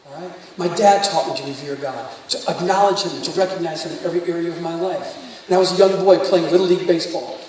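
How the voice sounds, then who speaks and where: A man's voice: fairly high pitch, quick pace, darkish tone. Guy preaching in a big church, storytelling then fired up, long reverb, far from mic. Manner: storytelling, rising to fervent exhortation. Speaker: pastor. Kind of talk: sermon. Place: large church sanctuary. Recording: distant echoey hall, faint room noise.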